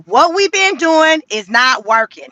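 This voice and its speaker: Bright, high-voiced woman ranting casually. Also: a little slow, dry recording, lo-fi sound. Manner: animated, laughing, addresses viewers as y'all. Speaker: political commentary host. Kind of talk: casual livestream commentary.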